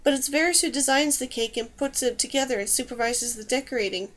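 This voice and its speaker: A woman voicing a male courtier who explains things calmly. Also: sits high, fast talker, close to an everyday voice.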